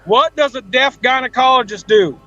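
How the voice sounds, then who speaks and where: High, bright man telling crude jokes. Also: normal speed, no room sound, muffled recording. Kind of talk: casual group chat.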